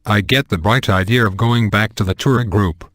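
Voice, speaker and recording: A man reading an amateur comedic horror story, with a deadpan delivery and crude humor. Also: lowish voice, moderate pace, no echo. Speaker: narrator.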